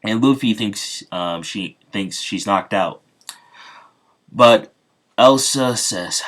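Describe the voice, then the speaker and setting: A man's voice: on the low side, slow, long pauses, fairly bright tone. A man casually retelling a fan story, rambling with many fillers.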